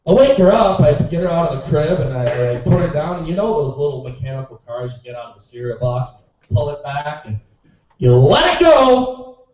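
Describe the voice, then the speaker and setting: Heavy reverb surrounds this amateur comic's dark-toned voice as he works a small club. Sarcastic and exasperated, he tells stories, captured in a muffled, distant, boomy recording.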